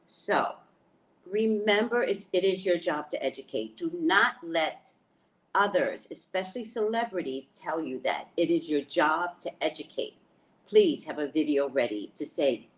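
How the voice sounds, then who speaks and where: A woman chatting casually to her viewers, excitedly showing off things she bought and talking about them. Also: deep voice, measured pace. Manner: chatty, excitable, shows items to camera. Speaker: spiritual reader and vlogger. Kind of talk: casual live chat to viewers.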